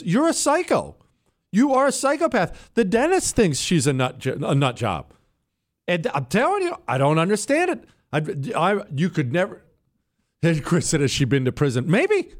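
A man hosting a talk radio show, chatting casually and reading listener emails, his voice jumping up when he sounds incredulous. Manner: animated, swings high when incredulous.

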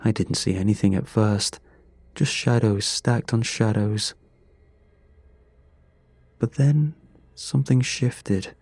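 Male horror storyteller: low-pitched, grim, measured, unhurried, dry close sound. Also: creaky, darkish tone, dry recording. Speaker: narrator. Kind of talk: scripted horror narration.

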